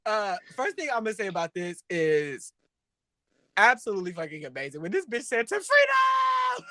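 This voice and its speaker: Sassy, laughing drag podcast host. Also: male voice, high voice, a little fast, no echo. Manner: sassy, animated, laughs often. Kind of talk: casual chat.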